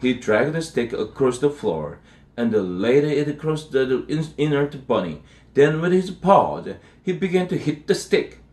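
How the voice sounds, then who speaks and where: A man, an English teacher, reads a children's novel aloud. His delivery is halting, with frequent restarts, and his pitch rises and falls a lot. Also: sing-song, a little mellow. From South Korea. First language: Korean.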